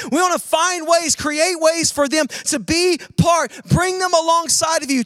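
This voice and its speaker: A man preaching a sermon, calling on the audience to answer and swinging between loud urging and hushed emphasis. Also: extremely high pitch, dry recording, clean studio sound. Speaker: pastor.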